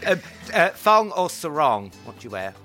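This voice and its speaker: Playful male host running a quick-fire quiz, bright voice, wildly swooping pitch. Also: very animated, soft background music. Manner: playful and giggly, teasing the guest. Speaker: podcast host.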